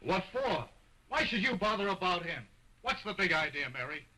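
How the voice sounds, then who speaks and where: An actor playing a jealous man who demands answers quickly, in early talkie style. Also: high-pitched, very animated, bright, forceful tone, full character voice, low-quality recording. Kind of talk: 1920s early talkie acting. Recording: old film soundtrack.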